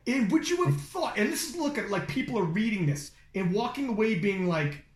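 A man hosting a podcast interview, talking fast and excitably with lots of swearing and animated storytelling. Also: high voice, crowd noise. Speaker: podcast host. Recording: echoey room.

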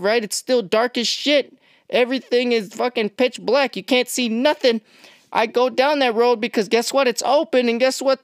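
A woman's voice: fairly high pitch, dry recording, studio quality. A woman hosting a podcast, ranting bluntly with heavy swearing and exasperation. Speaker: podcast host. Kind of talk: ranting monologue.

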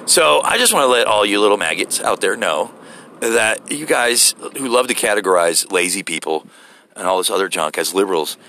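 A man tells a story in an animated, profane rant, rambling and restarting as he goes. His voice is gravelly and bright. He sits in a car with faint traffic noise behind him. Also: lowish voice, moderate pace. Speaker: vlogger. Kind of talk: casual ranting storytelling.

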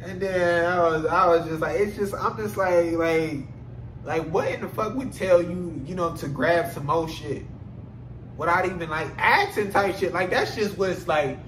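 Animated profane man in echoey room. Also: sits high, moderate pace, a little hiss or hum. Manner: animated and profane, many filler phrases, laughs while telling. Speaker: podcast host. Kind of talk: casual storytelling monologue.

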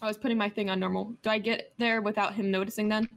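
A woman playing a tabletop game, chatting quickly and casually with the group. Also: mid-range voice, level tone, creaky, a bit bright. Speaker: player.

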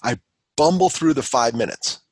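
A man telling a personal story in casual conversation, animated, acting out what others said, with frequent laughs. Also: medium pitch, normal speed, slightly rough, no room sound. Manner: animated storyteller who acts out quoted lines and laughs often. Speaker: guest speaker on suicide prevention. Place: on the East Coast of the United States.

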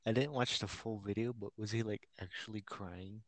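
A man's voice: fairly low pitch, fairly even intonation, moderate pace, a bit bright, no room sound. A young man co-hosting a casual podcast chat, laid back and answering in short remarks. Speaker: podcast co-host.

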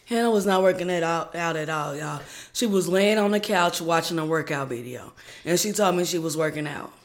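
A woman co-hosting a podcast at home, telling stories loudly and laughing and shouting often. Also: fairly low pitch, brisk. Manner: loud laughing storytelling, excitable, shouts often. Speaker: podcast co-host. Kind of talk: casual chat. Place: home kitchen. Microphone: podcast mic.

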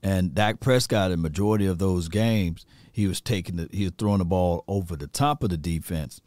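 A lower-pitched man hosts a casual sports talk show, rambling loosely through his points. The recording is close and dry, with no room sound. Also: a little fast, darkish tone, no room sound. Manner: rambling, loose, full of fillers and restarts. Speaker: show host.

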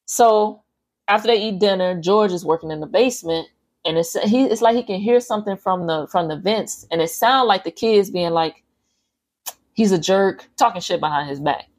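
A woman podcast host casually recapping a horror movie scene by scene, animated and full of profane slang. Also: medium pitch, brisk.

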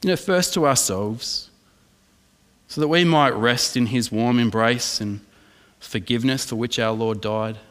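A man's voice: mid-range voice, unhurried, fairly bright tone, big-room sound. A man with an Australian accent preaching an emphatic sermon as pastor, asking the congregation questions.

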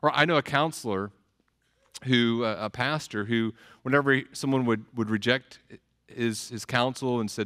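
A man's voice: mid-range voice, normal speed, a bit bright. A man preaching a sermon as a pastor, earnest, often repeating words as he starts phrases.

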